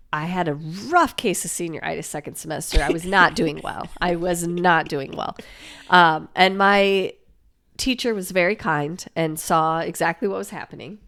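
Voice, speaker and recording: A woman co-hosting a podcast, chatting casually and telling a lively anecdote, acting out the voices of the people in it. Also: fairly low pitch. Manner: animated storyteller acting out quoted voices. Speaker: podcast co-host. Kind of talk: casual chat, storytelling.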